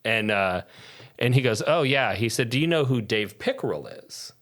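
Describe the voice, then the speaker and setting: Guy on a podcast spinning a long story, kinda deep voice, casual and cussing. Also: normal speed. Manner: lively anecdotal storyteller who swears freely. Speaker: podcast guest.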